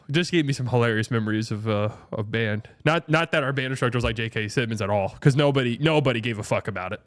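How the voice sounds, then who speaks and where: A man's voice: mid-range voice, fast talker, few pauses. Rambling, swearing young man telling stories. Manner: rambling storyteller, laughs often, swears, imitates trumpet buzzes. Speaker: streamer and show host. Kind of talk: casual livestream chat.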